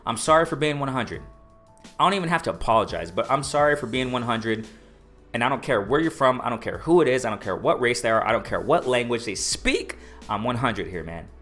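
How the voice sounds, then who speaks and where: Animated ranting man hosting a live stream. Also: mid-range voice. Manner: animated, ranting, repeats phrases for emphasis. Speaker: boxing live-stream host. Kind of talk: casual live-stream commentary.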